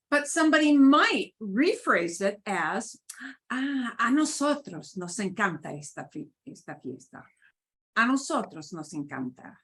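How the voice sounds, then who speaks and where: Woman Spanish teacher, unhurried and patient, explaining grammar with lots of pitch movement. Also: a bit bright. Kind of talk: online class teaching.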